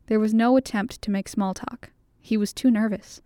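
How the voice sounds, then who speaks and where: A woman narrating audiobooks in a measured, even reading style. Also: medium pitch, no echo, clean studio sound.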